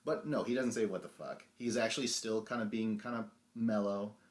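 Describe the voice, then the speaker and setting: A man's voice: fairly low pitch, fairly even intonation, a little fast. A young man co-hosting a podcast, animatedly retelling a reality show episode, acting out the lines and laughing often. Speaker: podcast co-host. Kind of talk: casual recap chat.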